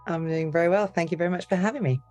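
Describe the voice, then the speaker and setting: A middle-aged English woman with an English accent, chatting as a podcast guest and telling stories in a lively, animated way. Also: lowish voice, rapid-fire, soft background music. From England. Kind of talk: casual interview chat.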